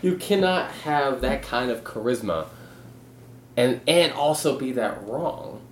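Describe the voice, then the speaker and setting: Deadpan joking young man, roomy sound. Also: medium pitch, slow pace, a little hiss or hum. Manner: joking, deadpan absurd tangents. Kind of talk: casual comedic chat. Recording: roomy echo.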